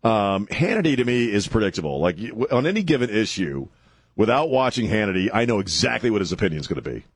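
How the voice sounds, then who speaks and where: A man's voice: lowish voice, big pitch swings, fast, breathy edge, no echo. A man hosting a talk radio show, blunt and brash, laughing often between opinions. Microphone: studio mic.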